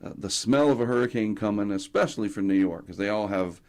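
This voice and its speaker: Middle-aged man from North Carolina, interview guest; low-ish voice, chatty storyteller who acts out the quotes. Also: quick pace. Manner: animated anecdotes, acting out quotes. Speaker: guest, hurricane tracker.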